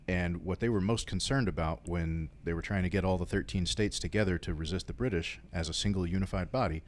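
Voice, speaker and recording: A man's voice: low-pitched, slight background noise. A man co-hosting a casual political talk show, explaining history at length with frequent filler words. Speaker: co-host.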